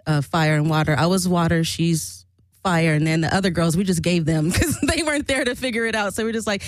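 Woman rambling to her camera, lowish voice, swears and laughs a lot, dry close sound. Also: fairly quick, dry recording. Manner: rambling, frank and profane, laughs often. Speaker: vlogger recalling her old band. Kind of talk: casual chat to camera.

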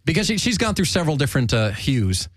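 A man's voice: a little high, big pitch swings, quick pace, no room sound, studio quality. A man hosting a podcast, asking teasing, joking questions. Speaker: podcast host. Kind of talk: casual chat.

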